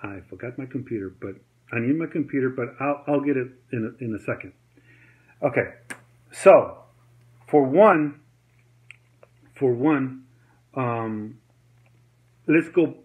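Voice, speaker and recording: A man's voice: medium pitch, a little slow, long pauses. A man telling a heated story to camera in a rambling, agitated way, acting out the dialogue he quotes. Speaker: vlogger. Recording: tinny phone-like sound.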